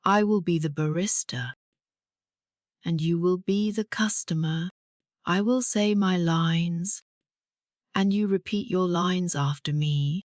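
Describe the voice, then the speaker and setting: Very slow, encouraging woman teacher. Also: fairly low pitch, a little mellow, no echo, clean studio sound. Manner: slow, clear and encouraging, with pauses for repetition. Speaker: English teacher. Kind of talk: scripted speaking lesson.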